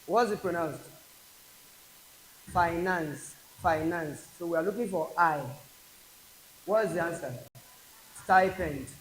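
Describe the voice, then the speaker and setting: Nigerian guy teaching english exam prep, slow and repeats words, echoey room w a bit of hiss. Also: on the high side. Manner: slow, repeats each word aloud for drilling. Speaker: English tutor. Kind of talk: exam prep class lecture. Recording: echoey classroom with faint hiss.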